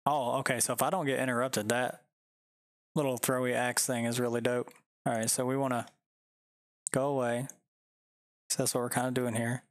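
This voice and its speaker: A man's voice: mid-range voice, flat delivery, normal speed, long pauses, no room sound, clean studio sound. A man chatting casually while streaming a game from home, rambling and laid-back, swearing often.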